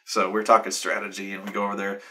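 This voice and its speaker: Bright-voiced man telling a profane story. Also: lowish voice, fast, slight background noise. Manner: animated, profane, rambling with restarts. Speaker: show host. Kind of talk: casual storytelling.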